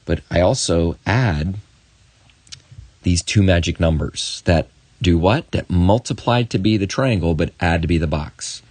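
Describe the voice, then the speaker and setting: A man teaching a math lesson on video, encouraging and talking straight to the student with quick asides. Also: deep voice, a little mellow, dry recording.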